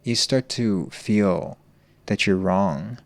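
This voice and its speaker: A man's voice: lowish voice, no echo. A man telling his personal story as a podcast guest, earnest and searching. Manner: earnest, open, slow and searching.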